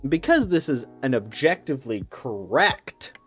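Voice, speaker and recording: A man's voice: mid-range voice, big pitch swings, unhurried, a bit bright, breathy edge, soft background music. A man ranting casually and with mock certainty, swearing a lot and rambling through restarts. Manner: opinionated, profane, mock-dogmatic. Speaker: YouTuber ranking snacks.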